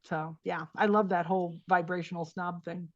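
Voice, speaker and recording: A woman's voice: lowish voice, steady tone, normal speed, muffled recording. A woman guest, a life coach, speaking earnestly in an interview and repeating phrases for emphasis. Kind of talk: reflective interview talk.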